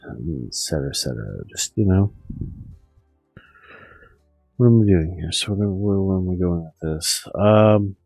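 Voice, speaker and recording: A man's voice: sits low, expressive, measured pace, vocal fry, long pauses, darkish tone, dry recording, soft background music, rough recording. A man streaming a profane, meandering rant full of restarts. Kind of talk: rambling monologue.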